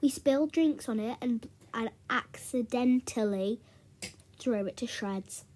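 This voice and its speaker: A young woman with a slightly high voice tells a storytime in a loose, chatty way. She keeps restarting her sentences and falls back on "anyway, so" as she goes. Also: measured pace, a little mellow. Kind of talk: casual storytime narration.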